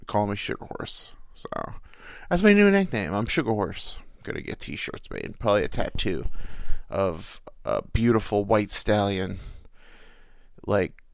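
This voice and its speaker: A man's voice: on the low side, no room sound. A man hosting a podcast, telling a rambling, self-deprecating comic story on a close mic. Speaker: podcast host. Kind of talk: casual comedic monologue.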